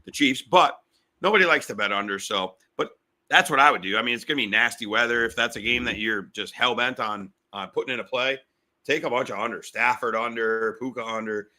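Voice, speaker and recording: A middle-aged man hosting a sports betting podcast, talking fast and fired up, repeating himself. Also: medium pitch, bright, forceful tone.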